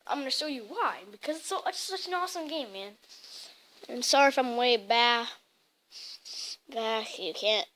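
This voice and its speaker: A woman giving casual gameplay commentary in an excitable way, blurting out mild swears as she plays. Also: on the high side. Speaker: gaming channel host. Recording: loud game music over the voice.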